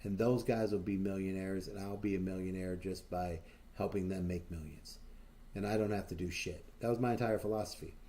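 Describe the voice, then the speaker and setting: Guy hosting a stream, kinda low warm voice, swears constantly, rambles and restarts, big excited bragging energy. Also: brisk, a little hiss or hum. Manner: rambling, profane, frequent fillers and restarts; boastful, enthusiastic storytelling. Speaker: livestream host. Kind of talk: casual chat.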